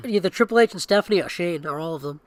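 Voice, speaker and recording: A man's voice: sits high, lively intonation, quick pace, creaky, no room sound. A man in his thirties co-hosting a podcast in casual chat, acting out quotes in raised voices. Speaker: podcast co-host.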